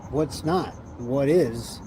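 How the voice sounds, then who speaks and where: A tired man chats on his livestream in a loose, wandering way, firing off questions and answering them himself. His voice is mellow and relaxed, sitting at a middle pitch. Faint crickets chirp in the background. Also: takes it slowly, a little hiss or hum. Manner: loose, musing, wandering talk with rhetorical questions. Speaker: livestream host. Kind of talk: rambling casual livestream chat.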